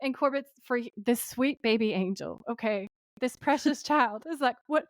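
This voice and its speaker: Clean studio sound without echo carries a woman's fairly high voice at a moderate pace. She is a podcast co-host, animatedly recapping an episode in casual conversation and quoting the characters in their own voices.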